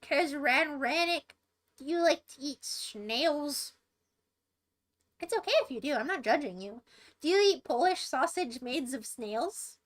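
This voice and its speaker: A woman's voice: sits high, a bit bright. A young American woman streaming, chatting casually and playfully taunting her chat with mock boasts. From United States. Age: young adult.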